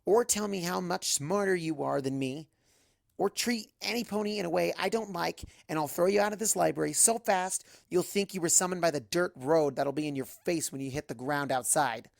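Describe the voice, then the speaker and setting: A man voicing an excitable young female unicorn scholar in a fanfic audiobook reading, gushing and bouncy. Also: on the high side, moderate pace, gravelly, dry recording, clean studio sound, pitched above the performer's own voice. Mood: stern.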